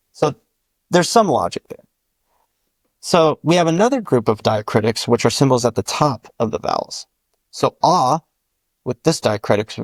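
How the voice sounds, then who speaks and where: A man's voice: mid-range voice, no echo. A man, a linguist guest, explaining his constructed language methodically and spelling out each sound with an example word. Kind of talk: patient step-by-step explanation.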